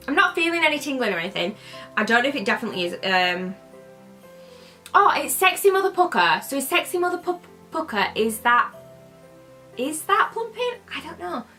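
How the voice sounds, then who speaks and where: A woman's voice: high-pitched, big pitch swings, moderate pace, pauses often, bright, forceful tone, faint music behind. A young British woman chatting casually while unboxing beauty products, playfully shifting her accent as she talks. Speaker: beauty vlogger.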